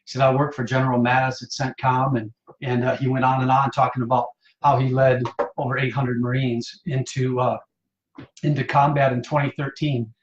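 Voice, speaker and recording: Man telling a story with flat delivery. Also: medium pitch. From Michigan. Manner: casual, halting storytelling with many fillers and restarts. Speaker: pastor and Marine veteran. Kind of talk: live-streamed personal testimony. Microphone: phone or webcam for a live stream. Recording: dull, roomy live-stream audio.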